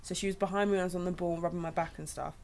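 A young woman chatting casually, telling her birth stories in a lively, storytelling manner. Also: fairly low pitch, racing, slight background noise. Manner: chatty storytelling, animated when retelling. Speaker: new mother. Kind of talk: casual chat.

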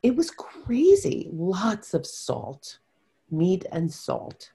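A middle-aged woman from upstate New York, chatting casually as a podcast co-host, emphatic and opinionated with sudden loud stresses and low asides. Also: huge pitch swings, extremely slow, gravelly, slightly rough. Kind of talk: casual chat.

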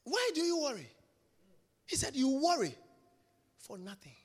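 A man preaching a sermon with emphatic repetition, swinging from loud shouts down to hushed whispers. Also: very high-pitched, very animated, unhurried, big-room sound.

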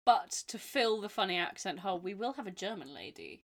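A young woman co-hosts a relaxed film podcast. She tells the story with playful, theatrical flair, building jokes as she goes. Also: mid-range voice, brisk. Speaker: podcast co-host. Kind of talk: casual film review chat.

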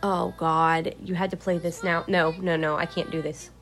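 A woman's voice: on the low side, level tone, normal speed, a bit bright, soft background music. A woman vlogger telling a story in a candid, rambling way, swearing and laughing now and then. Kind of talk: casual emotional storytelling.

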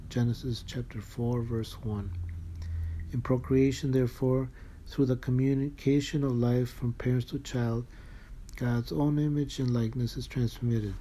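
A man reads a church document aloud in a deep, mellow voice, saying "quote" and "unquote" around each passage and reading out every citation in full. His delivery stays level and even, and he sounds earnest and moved by the words. A faint hiss sits behind him. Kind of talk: reading a religious text aloud with asides.

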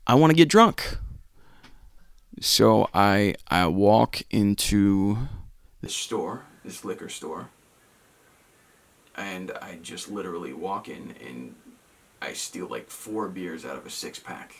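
A man's voice: low voice, lively intonation, slow, creaky, pauses often, far from the mic. A young man from Massachusetts telling a story in casual chat, rambling and self-mocking, with many ums and restarts.

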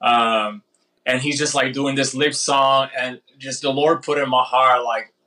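Bright-voiced man, a bit off-mic. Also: mid-range voice, fairly even intonation, unhurried, recorded from a distance. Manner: storytelling with frequent restarts and fillers. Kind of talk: casual conversation.

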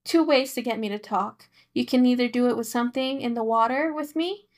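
A young woman co-hosting a casual podcast with her mother. She speaks insistently, repeating herself and restarting her sentences. Her voice sits a little higher than most. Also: fairly quick. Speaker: podcast co-host, daughter. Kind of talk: casual chat.

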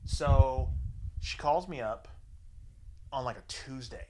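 A man's voice: mid-range voice, takes it slowly, darkish tone. A man telling a story in casual chat, swearing freely and talking with animation.

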